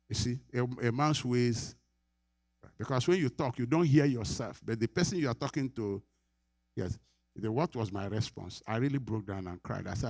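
Gravelly Nigerian pastor preaching. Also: male voice, mid-range voice, moderate pace, a little mellow, no echo, clean studio sound. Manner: earnest, repeats phrases, laughs often. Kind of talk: sermon.

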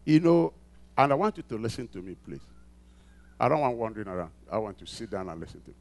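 A male pastor preaching a sermon, asking the congregation to answer back and repeating phrases for emphasis, building from quiet lines to loud emphatic peaks. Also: fairly low pitch, expressive, fast talker.

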